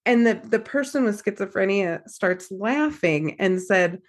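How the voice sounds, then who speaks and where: An American woman therapist talks casually on a podcast. She tells stories in an animated way and acts out what people said. Her voice sits at an ordinary middle pitch. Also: unhurried. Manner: animated storyteller, acts out quotes. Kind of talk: casual storytelling chat.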